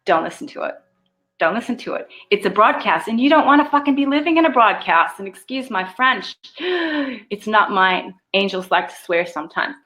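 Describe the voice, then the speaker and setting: Animated woman host coaching viewers. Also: medium pitch, normal speed. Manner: animated, swears casually, laughs often, acts out inner voices. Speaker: spiritual live show host. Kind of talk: casual spiritual coaching, answering viewer questions.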